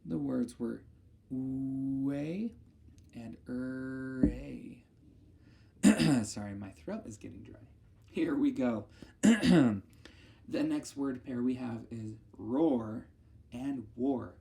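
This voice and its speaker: A woman speech therapist leading a listening lesson, enunciating each target word slowly and carefully, with a patient, encouraging tone. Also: very deep voice, vocal fry, warm tone, a little hiss or hum. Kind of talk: auditory discrimination lesson for children.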